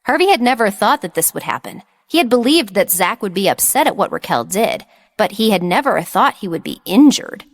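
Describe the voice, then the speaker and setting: A woman narrating a romance audiobook in an even, measured reading. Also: medium pitch, dry recording. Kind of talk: scripted narration.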